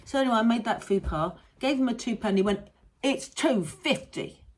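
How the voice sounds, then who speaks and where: This host is a middle-aged British woman whose voice is on the high side and a little mellow, delivered at a quick pace. Her casual monologue is rambling and chatty, with a bit of mild swearing.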